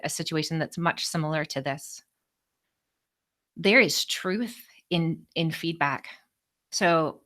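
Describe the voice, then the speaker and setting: A woman speaker telling a personal story to a group in an expressive, animated way. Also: sits low. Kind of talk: storytelling talk to a live group.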